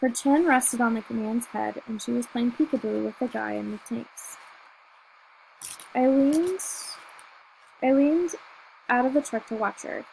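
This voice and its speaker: A woman reads a novel aloud in first person, keeping a steady, measured storytelling pace. Her voice is fairly high with a noticeable gravelly fry. There is a faint hiss in the background. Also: poor audio. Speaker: audiobook reader.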